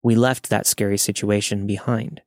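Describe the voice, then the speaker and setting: A man hosting a true horror podcast, reading a first-person story in a steady, measured way. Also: fairly low pitch, no echo, clean studio sound. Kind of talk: scripted storytelling narration.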